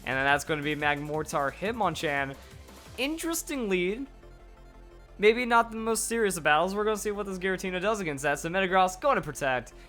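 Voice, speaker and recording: A man giving excited play-by-play commentary on a video game battle, his voice going hoarse. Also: high voice. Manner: hype, rapid play-by-play with exclamations. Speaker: gaming YouTuber.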